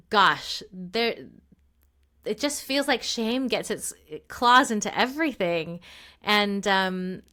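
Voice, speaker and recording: Woman, podcast host, bright tone, reflective, thinks aloud. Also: medium pitch, expressive, unhurried. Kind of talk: conversational interview.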